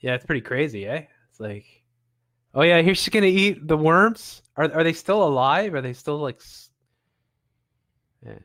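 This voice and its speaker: A man's voice: fairly high pitch, animated, normal speed, pauses often, a bit bright. A man hosting a show, giving sarcastic, mocking commentary on videos he plays and laughing often. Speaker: host. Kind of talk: casual commentary reacting to videos.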